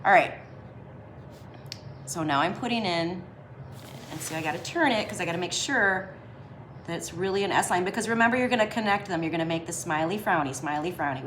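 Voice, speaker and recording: A woman's voice: lowish voice, a bit bright, roomy sound, slight background noise. A woman giving a casual drawing lesson as she sketches. She talks in a chatty, slangy way and laughs often. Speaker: drawing teacher.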